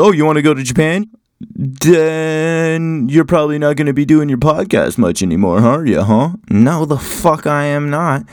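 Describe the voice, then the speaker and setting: A man's voice: medium pitch, no echo, studio quality. Heated swearing male podcast host. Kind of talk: profane ranting monologue.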